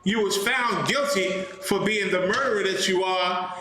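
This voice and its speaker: A man's voice: sits high, a little slow, pushed and bright. A man hosting a show and giving heated, indignant commentary, driving his points home and repeating himself for emphasis. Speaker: host and teacher. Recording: very echoey room with faint noise.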